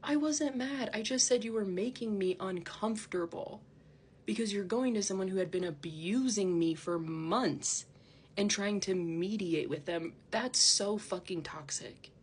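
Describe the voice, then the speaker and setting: A woman's voice: mid-range voice, a little slow, breathy edge. A woman vlogger ranting to camera, indignant and defensive, her talk full of "like" fillers.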